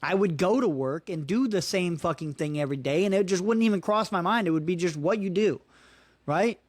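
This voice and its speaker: A man in his thirties holds forth on his own podcast in a frustrated, expletive-heavy rant, tossing in "dude" and "man" as he goes. His voice sits a little higher than most men's. The sound is dry and close, with no room echo. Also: fairly quick. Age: 30s. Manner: profane, frustrated ranting with frequent "dude" and "man". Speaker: podcast host. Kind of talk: casual solo podcast rant.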